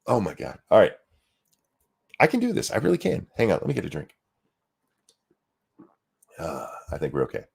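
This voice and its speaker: A man's voice: sits low, wildly swooping pitch, moderate pace, vocal fry, long pauses, darkish tone, breathy edge. A man giving a blunt, sarcastic reaction rant, swearing freely while fighting the hiccups. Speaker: political commentary streamer.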